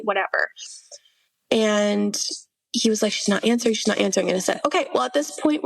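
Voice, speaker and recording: A woman's voice: a little high, creaky, no room sound. A young adult woman, a podcast guest, earnestly telling a personal story with many fillers and acted-out quotes. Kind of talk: personal testimony in an interview.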